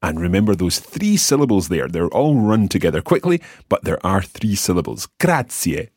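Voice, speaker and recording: Very deep-voiced, lively male teacher. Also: slightly rough, no room sound, clean studio sound. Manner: patient, explanatory, models words slowly. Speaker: language teacher and host. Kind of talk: scripted language lesson.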